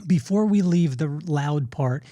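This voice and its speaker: A man's voice: on the high side, animated, unhurried, warm tone, no echo. A man hosting a podcast, prompting his guest conversationally. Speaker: podcast host. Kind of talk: interview.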